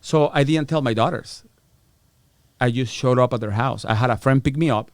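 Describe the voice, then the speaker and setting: A man's voice: medium pitch, normal speed, clean tone, no echo. A middle-aged man, a podcast guest, telling stories with profanity and acting out the voices of the people in them. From United States. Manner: profane, acts out quoted voices. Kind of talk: animated storytelling interview.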